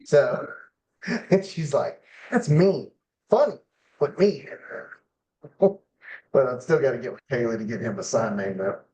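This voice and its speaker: A man shares a story with the class in a relaxed, rambling way, with "uh" fillers and easy laughs. His voice sits at an ordinary middle pitch. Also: normal speed, long pauses, low-quality recording. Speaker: class student. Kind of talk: casual storytelling.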